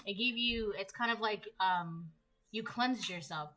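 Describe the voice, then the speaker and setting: A woman giving a casual tarot reading, chatty and rambling, slipping into quick voiced asides. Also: medium pitch, very noisy. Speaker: tarot reader.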